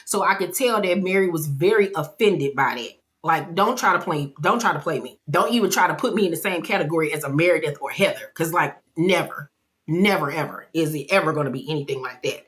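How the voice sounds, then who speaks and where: Animated woman gossiping through a recap. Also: low-pitched, fairly quick. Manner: animated, gossipy storytelling, acts out quotes. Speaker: vlogger. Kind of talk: casual TV episode recap.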